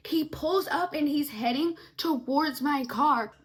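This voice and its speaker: Tearful young woman telling a story, high voice. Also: takes it slowly. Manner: shaken, rambling, many fillers. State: tearful, sniffly. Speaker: vlogger. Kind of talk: emotional storytime vlog.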